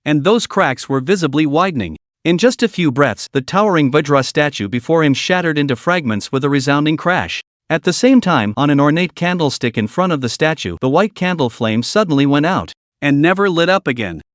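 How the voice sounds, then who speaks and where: A man reads a fantasy recap in a dramatic, scripted storytelling style. His voice sits a little high for a man and swings widely in pitch, and the recording is dry and close. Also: expressive, brisk, hardly any pauses, a bit bright, no room sound. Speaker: narrator. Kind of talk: scripted narration.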